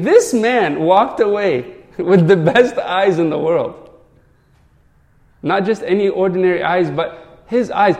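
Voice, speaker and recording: A man's voice: high voice, a little mellow, big-room sound. A man, a priest, giving an earnest sermon full of rhetorical questions.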